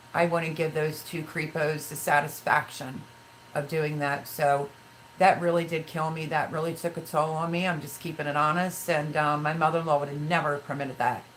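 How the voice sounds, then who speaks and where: A woman's voice: low-pitched, flat delivery, moderate pace, fairly bright tone, slight background noise, poor audio. A middle-aged woman hosting a casual live stream, talking candidly and emotionally in a rambling way while reading viewer comments. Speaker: livestream host.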